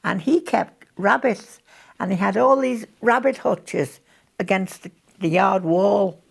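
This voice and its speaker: Older woman, gravelly, husky, chatty storyteller. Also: medium pitch, slow. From Birkenhead, England. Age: 80s. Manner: chatty storyteller, laughs often. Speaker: interviewee. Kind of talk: recalling wartime memories in conversation.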